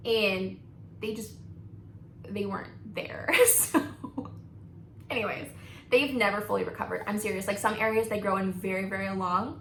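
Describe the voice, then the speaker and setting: A woman's voice: on the high side, a bit bright. Chatty, laughing woman vlogger. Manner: chatty, laughs often, many likes and ums. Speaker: beauty vlogger. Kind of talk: casual storytelling while doing makeup. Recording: echoey room with faint noise.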